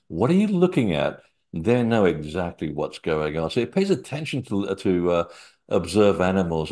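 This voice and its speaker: A low-pitched man chats as an interview guest. He wanders through anecdotes, filling pauses with frequent hesitations. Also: a little mellow. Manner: rambling anecdotal storytelling with frequent fillers. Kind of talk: casual chat.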